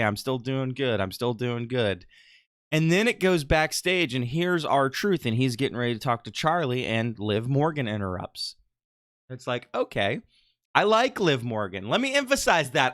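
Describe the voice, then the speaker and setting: A man's voice: mid-range voice, a bit bright, clean tone, no echo, studio quality. A man co-hosting a casual wrestling podcast, opinionated and ranting. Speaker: podcast co-host.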